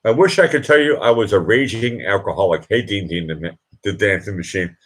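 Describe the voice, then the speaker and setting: A man hosting a late-night live stream, emotional and teary, talking in halting, rambling bursts. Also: fairly low pitch, a bit bright, a little hiss or hum. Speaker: livestream host.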